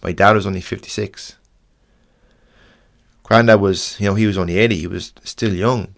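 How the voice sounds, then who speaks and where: A young Irish man hosting a podcast, talking earnestly and frankly in a halting way, restarting and swearing as he goes. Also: low voice, steady tone, gravelly. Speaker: podcast host. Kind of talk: casual podcast monologue.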